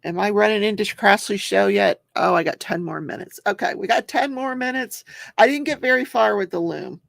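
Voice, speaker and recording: Chatting on a casual livestream while she crafts, an older woman reads out viewer comments and laughs often. She hosts a crafting and true-crime talk show, and her lowish, gravelly voice is captured in clean studio sound without echo.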